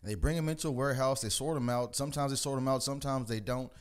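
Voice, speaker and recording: A man's voice: fast talker, clean tone. Man delivering a profane street-style rant. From United States. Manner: animated and profane, mimics people in higher voices. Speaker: host of a commentary channel.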